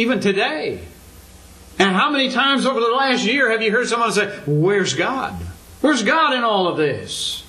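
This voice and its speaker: A man's voice: high voice, sharp tone, rough recording. An older man preaching a sermon to his congregation, earnest and full of rhetorical questions, his voice climbing for emphasis.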